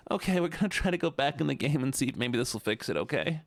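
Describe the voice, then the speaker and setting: Excitable goofy gaming streamer man. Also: mid-range voice, quick pace, gravelly, few pauses, no echo. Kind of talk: gaming livestream commentary.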